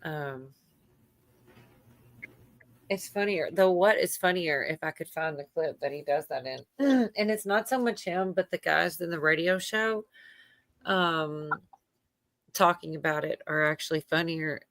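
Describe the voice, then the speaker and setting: A woman's voice: sits low, unhurried, pauses often, a bit bright. A woman hosting a livestream in casual chat, rambling with many fillers and laughing often as she talks. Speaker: livestream host.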